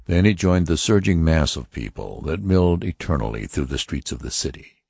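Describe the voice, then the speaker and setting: A man narrating a science fiction audiobook in a steady, measured reading. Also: very deep voice, creaky, breathy edge, no room sound, clean studio sound.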